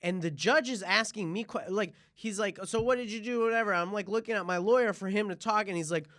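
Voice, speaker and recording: Male podcast host, high voice, animated comic storyteller, dry close mic. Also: fairly quick, no room sound. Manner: animated, acts out voices in anecdotes. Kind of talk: comedic storytelling.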